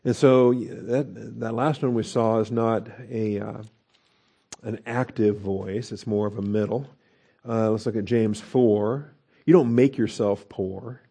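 Male Bible teacher, mellow tone, conversational expository delivery with fillers and rhetorical questions. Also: on the low side. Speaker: pastor teaching Bible study.

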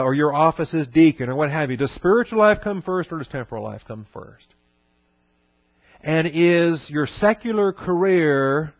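A man's voice: fairly high pitch, no echo. A man teaches a sermon, talking it through conversationally with rhetorical questions and frequent fillers. The recording is dull and lo-fi, and the sound is dry and close. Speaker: pastor.

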